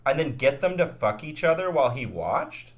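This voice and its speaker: A man's voice: mid-range voice, sing-song, moderate pace. A man co-hosting a podcast in casual chat, loose and laughing, full of "like". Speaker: podcast co-host.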